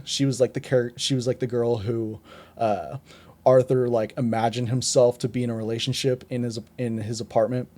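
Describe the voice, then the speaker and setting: A man with a dark, mellow voice talks through a film in a loose, casual review. He rambles, backtracks and restarts as he rants on. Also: mid-range voice. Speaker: podcast co-host. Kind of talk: casual movie review chat.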